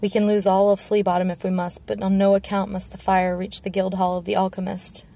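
A woman reading the part of a bitter, sharp-tongued male dwarf lord, scornful and commanding. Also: medium pitch, little pitch movement, fairly quick, creaky, lightly acted. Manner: scornful, shouting.

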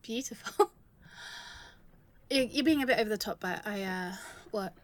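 A young woman in an audio role-play addressed to the listener, halting and stammering, emotional, swearing often. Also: medium pitch, expressive.

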